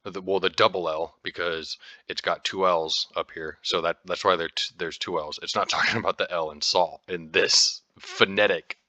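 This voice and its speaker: A man's voice: low voice, fairly even intonation, normal speed, bright, forceful tone, dry recording. An American man talking casually as a podcast host, rambling with lots of fillers and restarts and the odd swear word. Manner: informal, occasionally profane. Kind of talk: casual explanatory talk.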